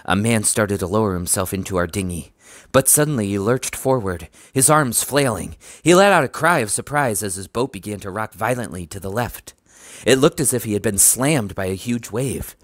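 A man reading a children's horror storybook aloud in a steady, even narration. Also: lowish voice, moderate pace, no room sound, studio quality. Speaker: audiobook reader.

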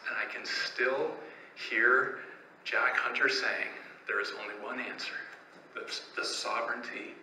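A man's voice: on the high side, pushed and bright, slight background noise. A man preaching a sermon as pastor, telling stories and asking rhetorical questions in a conversational way. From Canada. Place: church sanctuary. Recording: echoey church room, faint ambience.

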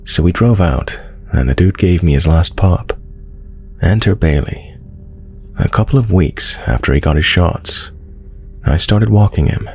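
A man narrating a true horror story in the first person with a measured storytelling delivery. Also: low-pitched, lively intonation, a little mellow, a little hiss or hum.

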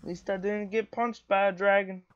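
A man giving casual gaming commentary, teasing his friend and sounding exasperated, with sudden loud exclamations. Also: high-pitched, level tone, moderate pace, dull audio. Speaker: gameplay commentator.

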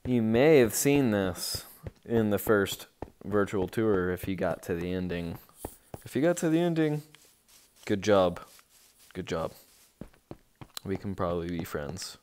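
A man giving casual, rambling commentary on a tour of his game village, easily excited and breaking into sudden outbursts. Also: deep voice, normal speed, slight background noise.

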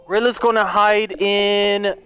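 A high-pitched young man reacting to a game in a frantic comedic commentary. He pleads, shouts and laughs through each round while faint music plays underneath. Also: flat delivery, unhurried. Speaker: gaming video host. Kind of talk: comedic let's play commentary.

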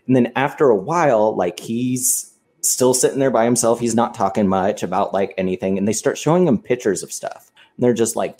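A man with a low, mellow voice tells a story in a loose, chatty way on a podcast. He acts out each quoted line as he goes and swears freely. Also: brisk. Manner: animated retelling, acts out quoted lines, swears casually. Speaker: podcast co-host. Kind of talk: casual storytelling chat.

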